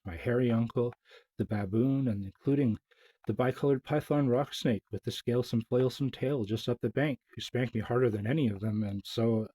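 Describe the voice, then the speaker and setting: A man's voice: medium pitch, dark tone, breathy edge, lightly acted, low-quality recording. A man voicing a polite, earnest young male elephant calf in a storybook reading.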